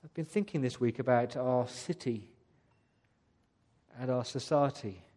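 A man delivers a sermon in a church. His voice sits at an ordinary male pitch. He speaks earnestly and keeps turning his points into questions for his listeners. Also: measured pace, dark tone. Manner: earnest, asks the congregation rhetorical questions. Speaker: pastor. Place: church service.

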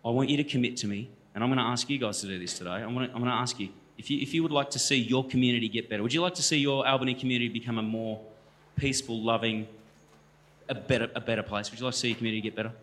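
An Australian man in his thirties, a guest speaker in a church hall, tells stories to the congregation in a chatty, joking style, addressing the crowd directly. His mid-range voice is very fast and a bit bright.

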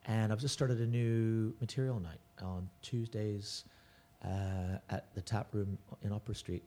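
A man's voice: on the low side, fairly even intonation, unhurried, warm tone, slight background noise. A middle-aged man, a touring stand-up comedian, chatting casually as a podcast guest and rambling with restarts and self-corrections.

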